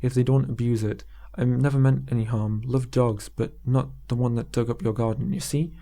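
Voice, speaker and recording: A man's voice: mid-range voice, fairly even intonation, moderate pace, creaky, warm tone, lightly acted. A man voicing a desperate young male insurance salesman who is breaking down, frantic and pleading.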